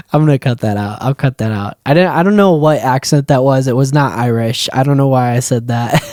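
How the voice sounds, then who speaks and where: A man musician talking casually to his viewers in a year-end vlog, relaxed and rambling with lots of likes and restarts. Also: mid-range voice, a little fast, hardly any pauses, no room sound, clean studio sound. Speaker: musician and video creator.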